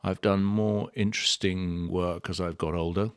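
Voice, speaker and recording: A man's voice: low voice, steady tone, clear, resonant tone, no room sound. An older man with an English accent, an actor telling stories in an interview with a dry, wry wit. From England. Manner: dry, wry wit, measured and soft-spoken. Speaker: actor and guest. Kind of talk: relaxed interview storytelling.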